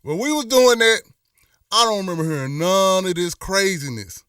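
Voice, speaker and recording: A man's voice: high voice, lively intonation, moderate pace, a bit bright, clear, resonant tone, no room sound, clean studio sound, far from the mic. A middle-aged man hosts a live stream, talking in a rambling, impassioned way with many restarts. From Memphis. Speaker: host. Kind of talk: casual live-stream talk.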